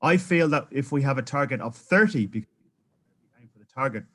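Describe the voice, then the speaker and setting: New Zealand man, mid-pitched, earnest and pleading public submitter who stumbles and restarts. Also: lively intonation, a little fast, bright, forceful tone, rough recording. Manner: impassioned, pleading, frequent restarts. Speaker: public submitter at council hearing. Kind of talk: public testimony.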